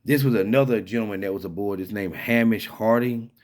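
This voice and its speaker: A man with a lowish voice talks loosely to his viewers, circling back with "you know" and "like" as he goes. His tone is skeptical and head-shaking, the sound of an ordinary vlogger commenting on the day's story. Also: brisk. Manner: rambling, conversational, many fillers and restarts. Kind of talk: casual spoken commentary.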